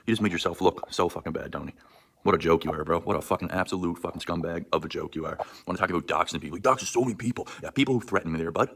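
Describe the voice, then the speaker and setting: Deep fast-ranting husky man. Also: a bit bright. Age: 30s. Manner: furious, profane, insulting. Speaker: livestreamer. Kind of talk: angry livestream rant.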